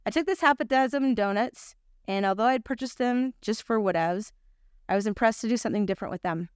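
A middle-aged woman teaching a Bible lesson, telling a personal story with lively voices for the people in it. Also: mid-range voice, smooth, no room sound, clean studio sound. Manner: animated storyteller, acts out quoted voices.

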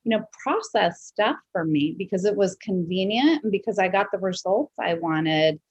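A woman's voice: mid-range voice, animated, moderate pace, a little mellow, slightly rough, no room sound, dull audio. A woman hosting a podcast interview, talking in a reflective, conversational way with many fillers. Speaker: podcast host. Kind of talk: casual interview chat.

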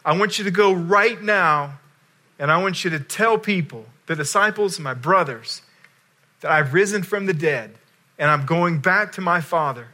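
Commanding teacher, urgent, put on by a male preacher; bright tone. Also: sits high, expressive, normal speed.

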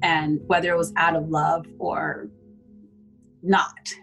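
A woman's voice: sits low, little pitch movement, slow pace, creaky, fairly bright tone, soft background music, poor audio. A woman speaking as a podcast guest, talking openly and emotionally in a casual conversation, with frequent filler words. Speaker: guest, adoptee.

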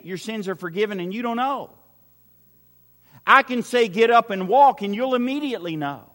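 In a big church hall full of people, a pastor preaches in a high, fairly bright voice followed by a long reverb tail. Repeated phrases give his sermon its cadence, and he acts out whatever lines he quotes.

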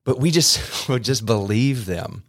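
An earnest man talks into a podcast microphone about faith. He rambles and restarts often, and his voice sits at an ordinary middle pitch. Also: lively intonation, a little slow. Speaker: podcast host. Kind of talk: casual podcast preaching.

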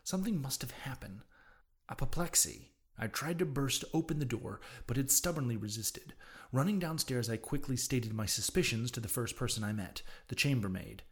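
Man reading a novel aloud. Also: mid-range voice. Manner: measured, dramatic first-person reading. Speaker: audiobook narrator. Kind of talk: scripted novel narration.

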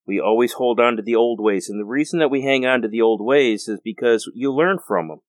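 A man's voice: medium pitch, a little fast, no room sound. An American man with an earnest, rambling way of talking, hosting a casual monologue full of restarts. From United States. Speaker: host.

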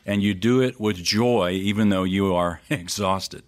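A middle-aged male pastor preaching a sermon, telling a long story with sudden rises and drops in his voice and hesitant restarts. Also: measured pace. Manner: storytelling, wide swings in pitch and loudness, hesitant restarts.

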